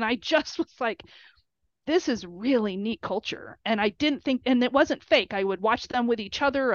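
A woman's voice: a little high, a bit bright, no echo, lo-fi sound. A middle-aged woman, a mother, telling a story casually and emotionally, with many fillers and quoted dialogue. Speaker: mother of a college football player.

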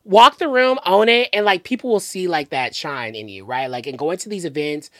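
Animated man, swooping pitch, dry close mic. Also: normal speed, dry recording. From Southern United States. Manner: animated, filler-heavy, lots of "like" and restarts. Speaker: podcast guest. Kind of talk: casual chat.

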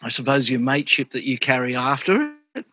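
Middle-aged Aussie man, husky voice, dry and a bit dull sound, easy laughing storyteller. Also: mid-range voice, sing-song, fairly quick, sharp tone. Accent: Australian. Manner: laughs often, says "mate" a lot. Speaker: interview guest, former pro surfer. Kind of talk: casual storytelling.

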